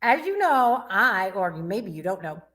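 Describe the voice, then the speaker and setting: Woman, youth librarian, from Michigan, children's story time, sing-song, imitates animal sounds, bright voice, unhurried. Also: medium pitch, very animated.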